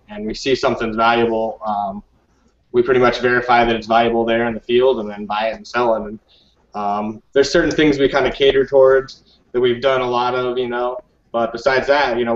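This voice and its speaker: Guest, male, mid-pitched, halting with fillers, far from the mic in an echoey room. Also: level tone. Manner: hesitant, many ums and uhs. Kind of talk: live-stream interview answers. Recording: roomy, distant, muffled call audio.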